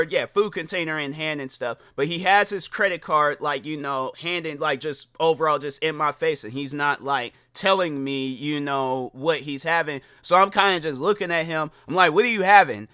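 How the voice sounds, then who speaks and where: A man hosting a podcast, telling a casual story in an animated way, acting out the dialogue and using lots of filler words. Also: fairly high pitch, smooth, no room sound, studio quality. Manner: animated, acts out quoted dialogue, many "like" fillers. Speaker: podcast host.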